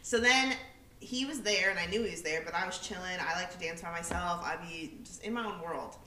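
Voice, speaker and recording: Echoey, low-pitched young woman telling a story. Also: brisk, recorded from a distance, noisy background. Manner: animated, quotes people in her story, swears freely. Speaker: podcast co-host. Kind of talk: casual storytelling chat. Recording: echoey room, away from the mic.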